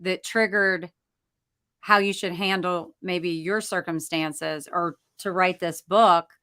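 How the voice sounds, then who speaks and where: Bright-voiced female podcast host. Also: lowish voice, steady tone, takes it slowly, smooth. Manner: engaged, asks follow-up questions. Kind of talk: interviewing a guest.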